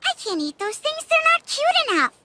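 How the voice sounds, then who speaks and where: An actress voicing an excitable little village girl who talks in a bubbly, childish way. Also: very high-pitched, brisk, noisy background. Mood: excited. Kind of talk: anime dub acting.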